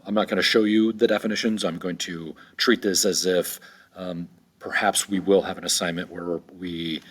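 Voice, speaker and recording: Speaking in a low voice, a man works through a vocabulary lesson recorded in one continuous take, unedited. His delivery is slow and careful, often broken by ums and fresh starts.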